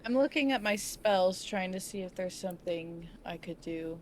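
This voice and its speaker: A woman's voice: on the low side, expressive, normal speed, a little mellow, a little hiss or hum. A woman playing a tabletop game, chatting in a hesitant, giggly way. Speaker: player. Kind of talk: casual chat while playing a tabletop game.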